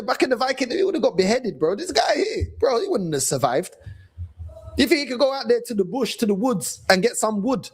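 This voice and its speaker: A man with a London accent rants as a fan channel host, slangy and mocking. His voice sits high, and his pitch leaps around with animated energy. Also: slightly rough. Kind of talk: casual rant.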